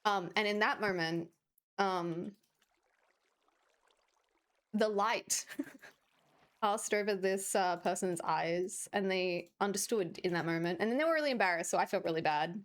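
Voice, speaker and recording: A woman's voice: mid-range voice, measured pace, long pauses. A woman streaming a game, chatting casually with sarcastic, rambling asides. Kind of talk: casual gaming stream chat.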